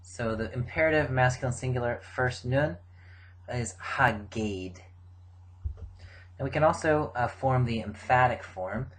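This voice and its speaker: A middle-aged man giving a recorded grammar lecture, explaining forms in a measured way with frequent fillers. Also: mid-range voice, poor audio. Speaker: Biblical Hebrew teacher.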